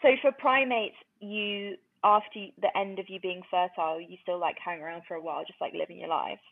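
A woman's voice: fairly low pitch, fairly even intonation, brisk, vocal fry. A young woman co-hosting a podcast, chatting casually in a playful, self-deprecating way and exaggerating for laughs. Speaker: podcast co-host. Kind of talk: casual chat. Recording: tinny phone-line sound.

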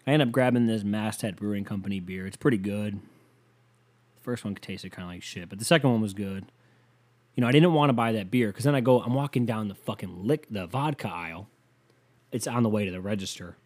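A man's voice: on the low side, a little fast, a little mellow. Profane ranting man on a podcast. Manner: profane, heated, sarcastic; rambling storytelling with filler words. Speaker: podcast host. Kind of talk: casual ranting monologue.

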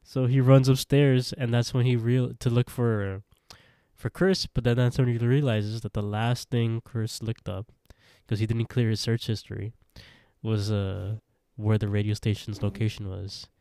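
A man co-hosting a podcast casually recaps an episode in a rambling way, with quoted voices and laughter along the way. His medium-pitched voice is level, unhurried, warm, clear, and resonant, captured in clean studio sound without echo.

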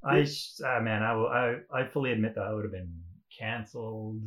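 A man's voice: fairly low pitch, fairly quick, a bit bright. A young man telling a wild story in a casual chat as a podcast guest, swearing freely and laughing often.

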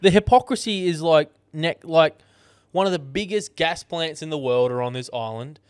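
A young Australian man co-hosting a podcast, telling animated stories full of swearing in casual chat. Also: fairly high pitch, moderate pace, clear, resonant tone, no room sound, studio quality. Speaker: podcast co-host.

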